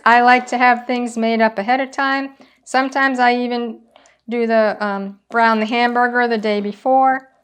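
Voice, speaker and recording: A woman with a voice on the high side and a fairly bright tone hosts a casual home cooking demonstration, chatting through each step as she cooks in her kitchen. The recording has a little hiss or hum.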